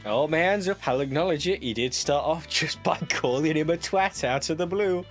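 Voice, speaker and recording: A man's voice: on the high side, fairly quick, soft background music. A British man hosting a reaction commentary, sarcastic and prone to wandering off on tangents. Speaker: commentary host.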